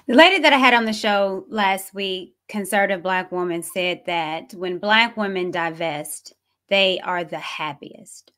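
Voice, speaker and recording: A woman hosting her own commentary show, sassy and animated, with quick asides. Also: medium pitch. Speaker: host. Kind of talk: commentary vlog.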